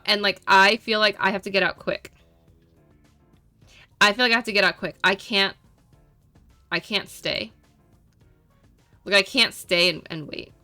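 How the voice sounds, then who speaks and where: A woman's voice: mid-range voice, sharp tone, no echo. A young adult woman streamer chatting casually with viewers, rambling and repeating herself, filling with "like".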